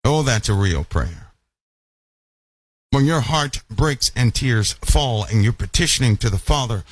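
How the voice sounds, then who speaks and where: A man preaching a Bible-study sermon who keeps asking his listeners questions and slows down to stress key lines. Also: medium pitch, very animated, breathy edge, dry recording. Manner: emphatic, asks the audience questions often.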